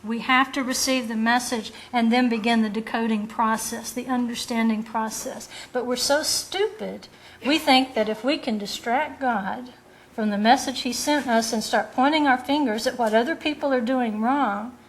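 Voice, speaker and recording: Earnest woman Bible teacher, higher voice. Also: moderate pace, a little hiss or hum. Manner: earnest, direct, rhetorical questions; acts out quoted voices of children and rebels. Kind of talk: sermon.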